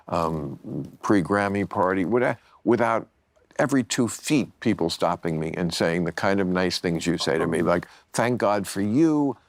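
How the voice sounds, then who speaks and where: Low-voiced man, lively delivery, blunt opinionated host on a dry close mic. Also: no room sound. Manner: blunt, opinionated, swears casually. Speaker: podcast host. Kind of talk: casual chat.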